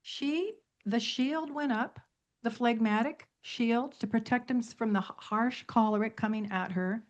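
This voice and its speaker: A woman's voice: on the high side, normal speed, highs cut off. A middle-aged woman teaching about temperaments on a radio talk show, emphatic, stringing words into long lists and repeating points for stress.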